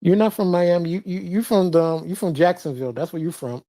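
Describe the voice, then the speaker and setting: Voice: medium pitch, expressive, fairly quick, mellow, dry recording. A livestreamer chatting casually and reading viewers' messages, laughing constantly while teasing them.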